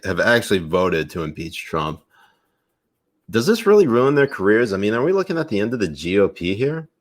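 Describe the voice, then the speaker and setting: A man's voice: on the low side, a bit bright. A man hosting a podcast, asking his guests questions in a casual chat. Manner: asks questions, moderating. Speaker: host.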